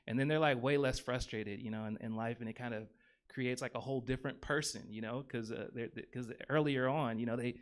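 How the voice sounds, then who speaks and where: On a comedy theater stage, a man in his thirties does stand-up into a handheld mic, speaking briskly with a medium pitch and fairly even intonation. His set rambles, packed with ums and likes and self-deprecating jokes about how long his setups run.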